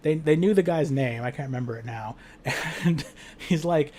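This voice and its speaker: Guy running a tabletop game recapping it all loose and rambly, swears a lot, kinda high voice. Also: normal speed, warm tone. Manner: rambling, full of "like" fillers, profane, laughs a lot. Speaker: game master. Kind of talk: casual retelling of a tabletop game.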